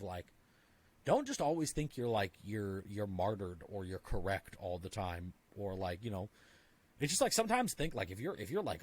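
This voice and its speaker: A man talking as a podcast guest in casual conversation, emphatic and full of "like"s, often acting out little dialogues in other voices. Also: lowish voice. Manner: filler-heavy, talks with many "like"s.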